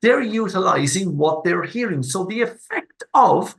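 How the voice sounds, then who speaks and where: A man's voice: sits high, expressive, moderate pace, vocal fry, fairly bright tone, rough recording. A man, speaking as a guest expert in an interview, talking passionately and repeating words for emphasis. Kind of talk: conversational interview.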